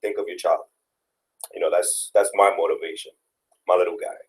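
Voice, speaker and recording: Deep-voiced earnest young father. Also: steady tone, fairly quick, poor audio. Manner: earnest, storytelling, many restarts. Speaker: guest, father. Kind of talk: casual interview talk.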